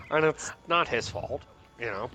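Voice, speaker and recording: Man, friendly gaming chat, lowish voice, dry and matter-of-fact. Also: a bit bright. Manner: short, matter-of-fact replies. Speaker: co-host friend. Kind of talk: casual chat while gaming.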